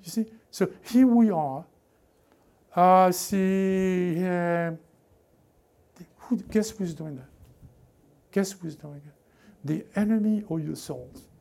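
A man preaching a sermon with fervent, repetitive call-and-response urging, swinging between loud exhortation and hushed asides. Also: high voice, slow pace, vocal fry, pauses often.

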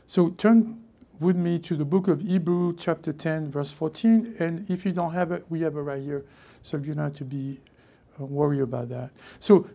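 A man with a French accent preaching a sermon as pastor, emphatic, repeating key phrases and dropping into hushed asides. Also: on the high side, fairly even intonation, moderate pace, vocal fry.

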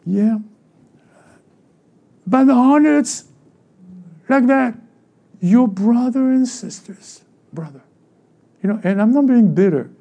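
A male pastor with a French accent delivers an animated sermon, breaking into little acted voices of church members. His voice sits high and has a gravelly edge, with a mellow, dark tone. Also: unhurried, pauses often, dull audio.

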